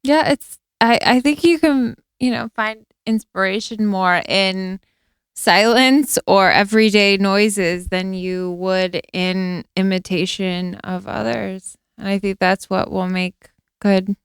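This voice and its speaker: A woman's voice: medium pitch, steady tone, slow pace, clear, resonant tone, no room sound, studio quality. A woman co-hosting a podcast, talking supportively and reflectively in casual chat. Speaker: podcast co-host.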